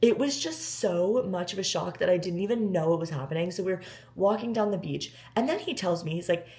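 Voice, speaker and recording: A woman's voice: fairly low pitch, expressive, fairly quick, dark tone, slight background noise. A woman in her twenties tells a personal story in a vlog, emotional and near tears, with many filler words. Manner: emotional, gushing, close to tears. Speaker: vlogger.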